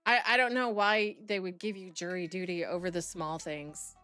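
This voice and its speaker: A woman's voice: lowish voice, steady tone, moderate pace, pushed and bright, smooth, faint music behind. A young adult woman streaming live, chatting casually with her chat in a rambling way and laughing often. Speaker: streamer reacting to videos and reading chat.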